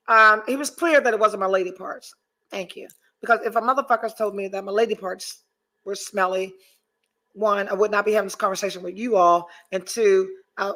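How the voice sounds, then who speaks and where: A woman's medium-pitched, fairly bright voice carries a relaxed podcast where she hosts, tells a profane story, and reads comments from viewers in the live chat.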